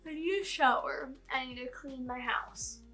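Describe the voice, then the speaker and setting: Bright, high-voiced chatty woman. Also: normal speed, soft background music. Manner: chatty and excitable, heavy use of "like". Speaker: book vlogger. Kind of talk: casual reading vlog chat.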